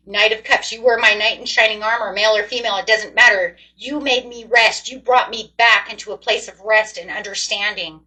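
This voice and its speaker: A woman's voice: mid-range voice, fairly even intonation, fairly quick, hardly any pauses, sharp tone, poor audio. A woman doing a casual tarot reading, talking straight to her viewers in a chatty, emotive way. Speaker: tarot reader.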